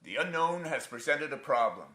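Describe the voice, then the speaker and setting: Actor voices a sadistic, riddling country father: forceful, gruff, commanding, heard on a roomy stage. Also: a little high, sing-song, moderate pace, voice pushed up. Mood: menacing. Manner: barking orders, folksy riddling talk. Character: cruel, sadistic rural father, gruff and mocking. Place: theatre stage. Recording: roomy theatre sound.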